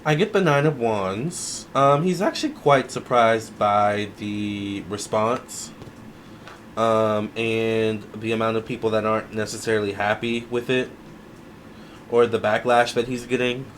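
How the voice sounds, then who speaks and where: A man doing a casual tarot reading to camera, musing aloud in an unhurried way with many fillers. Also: fairly low pitch, fairly bright tone, a little hiss or hum. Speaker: tarot reader.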